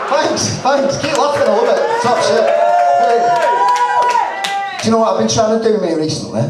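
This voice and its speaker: A man's voice: sits high, noisy background. A man with a Lancashire accent doing stand-up, with blunt, sweary, self-mocking banter. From Lancashire, northwest England. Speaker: stand-up comedian. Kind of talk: stand-up set. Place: small comedy club. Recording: roomy club recording from far off, crowd audible. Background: audience laughter.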